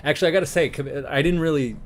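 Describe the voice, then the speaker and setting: A man's voice: fairly high pitch, rapid-fire, a little hiss or hum. A man from Newfoundland with a light townie accent, hosting a livestream, chatting casually, laughing often and restarting his sentences. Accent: light St. John's Newfoundland. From Newfoundland, Canada. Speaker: livestream host. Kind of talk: casual chat reacting to viewers.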